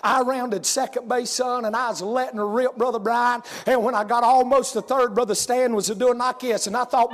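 A male preacher with a strikingly high-pitched voice. He tells homespun stories to his congregation in a folksy way and works up to loud hollering. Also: normal speed, few pauses, long reverb tail, soft background music. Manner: folksy storytelling, rising to hollering. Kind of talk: sermon.

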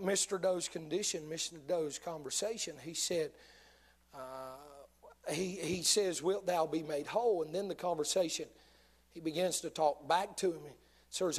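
High-voiced impassioned male preacher. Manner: impassioned preaching, quotes King James scripture. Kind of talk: sermon. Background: soft music.

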